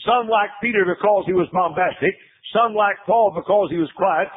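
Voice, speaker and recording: A man preaching a sermon in a folksy storytelling way, often dropping to low, hushed tones. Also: moderate pace, husky. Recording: tinny phone-like radio broadcast.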